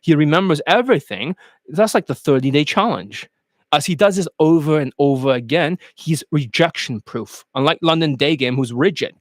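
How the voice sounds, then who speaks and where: Animated man, bouncy high voice. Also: no room sound, studio quality. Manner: animated, blunt and profane, rambling; slips in and out of put-on accents. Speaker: dating coach. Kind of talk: casual live-stream sales monologue.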